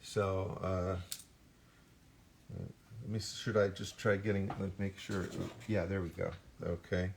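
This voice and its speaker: An older man with a lowish voice chats casually while signing autographs. He tells winding stories and keeps stopping to restart sentences, with a faint hiss of noise behind him. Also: steady tone, unhurried, creaky. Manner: rambling anecdotes with frequent restarts and self-corrections. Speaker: voice actor guest at an autograph signing. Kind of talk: casual Q&A chat.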